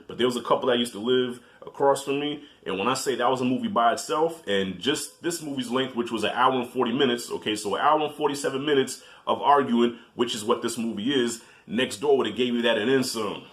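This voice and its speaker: A man reviewing a film in a casual vlog, telling animated stories, swearing freely and addressing viewers directly. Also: medium pitch.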